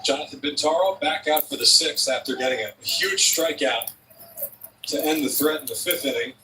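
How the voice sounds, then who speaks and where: A man calling a baseball game as play-by-play announcer, reading off stats in a steady delivery. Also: on the high side, normal speed, far from the mic, a little hiss or hum, low-quality recording. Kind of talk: baseball commentary.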